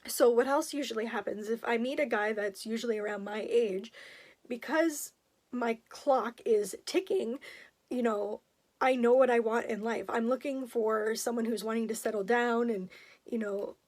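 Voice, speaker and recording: A woman's voice: fairly high pitch, darkish tone. Choked-up woman, fighting back tears. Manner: halting, emotional, frequent pauses and apologies. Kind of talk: confessional vlog.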